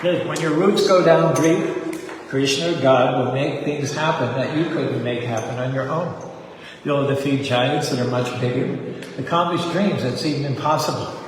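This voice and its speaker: A man's voice: medium pitch, moderate pace. A man in his seventies preaching a sermon, rapping a devotional story and leading call-and-response chants in an earnest, exhorting way. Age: 70s. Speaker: temple preacher. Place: temple hall. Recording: echoey hall from far off, faint noise.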